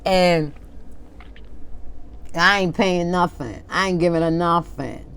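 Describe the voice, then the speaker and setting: A woman with a low voice preaches an informal sermon. She lingers over each word when she reads scripture, then turns impassioned and pointed, arguing with the people she is preaching to. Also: a bit bright, clean tone. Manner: impassioned, talks back to an imagined congregation, laughs at herself; reads scripture slowly and deliberately.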